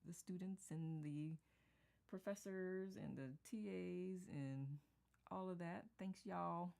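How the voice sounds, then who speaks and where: Woman, low pitch, gravelly, effusive, casual live chat. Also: slow pace. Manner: warm, effusive, laughs often, thanks viewers by name. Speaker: host of a spiritual study group.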